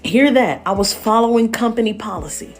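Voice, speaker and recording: A woman telling a story in a lively, slangy way, with laughing asides. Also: fairly high pitch, a little fast, soft background music. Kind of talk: animated storytelling.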